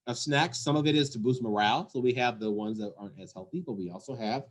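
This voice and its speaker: A man leads an earnest talk on running an emergency call center well. His voice sits at an ordinary middle pitch. He drives each point home by repeating it with emphasis. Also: quick pace. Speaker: 911 center executive director. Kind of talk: leadership talk to the camera.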